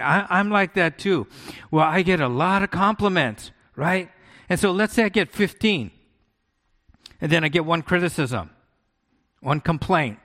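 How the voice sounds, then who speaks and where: A man's voice: high voice, bright, forceful tone. Guy preaching a sermon, chatty, keeps going "right?", big echoey hall. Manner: conversational, keeps asking "right?" and rhetorical questions. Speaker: pastor. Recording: long hall echo.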